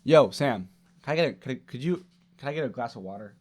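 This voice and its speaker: A man's voice: mid-range voice, expressive, quick pace, darkish tone, slight background noise. Chatty young man hosting his podcast. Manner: chatty, practicing a radio-style broadcast voice. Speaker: podcast host. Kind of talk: casual chat to camera. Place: home kitchen.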